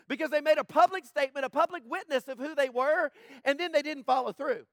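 A man preaching a sermon, animated, with stammered restarts and sudden drops to a low, quiet delivery. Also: a little fast, no room sound, studio quality. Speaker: pastor.

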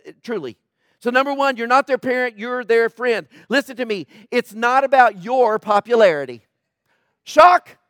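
A middle-aged man preaching with an unusually high voice, pressing each point home and asking the congregation to say it back. The sound is dry and close, with no room echo. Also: fairly bright tone. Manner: emphatic, repeats key points and asks the audience to respond. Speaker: pastor. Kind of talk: sermon.

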